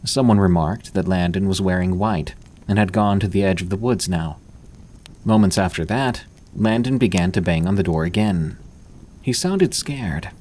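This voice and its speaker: A man reading first-person horror stories aloud as scripted narration, in a steady, measured delivery. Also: sits low.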